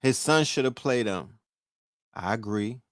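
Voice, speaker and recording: In an unhurried, mid-range voice with a fairly bright tone and lively intonation, a middle-aged New Yorker chats casually on his livestream show. He swears often and keeps quizzing his listeners. The studio-quality audio carries no room sound.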